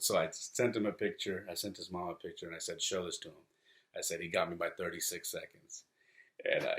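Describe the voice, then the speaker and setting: A man's voice: low voice, fairly bright tone. A man in his thirties hosting a casual podcast, rambling through stories with fillers and restarts and acting out his sons' quoted words. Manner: acts out quoted voices of his sons. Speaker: podcast host. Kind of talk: casual solo podcast talk.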